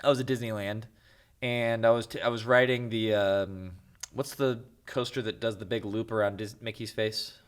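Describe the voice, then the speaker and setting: A young man, a filmmaker, chatting as a podcast guest, telling animated stories with laughs and acted-out voices. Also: on the low side, moderate pace, smooth. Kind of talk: casual interview chat.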